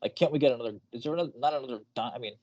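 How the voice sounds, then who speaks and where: A man co-hosting a casual podcast, animated and profane, his voice jumping up when excited. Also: very fast, no room sound, muffled recording. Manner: animated, swearing, jumps in pitch when excited. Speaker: podcast co-host.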